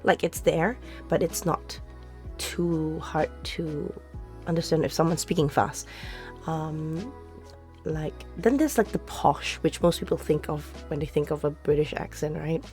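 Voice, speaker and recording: A woman's voice: low voice, measured pace, a little mellow. A woman streamer chatting casually with her live chat, giggling often and answering questions as they come. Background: faint background music.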